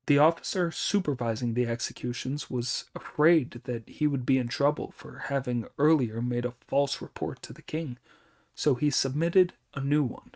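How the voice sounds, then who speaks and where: A man narrating an audiobook of a classic tale in a measured, even reading. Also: medium pitch. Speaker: audiobook reader.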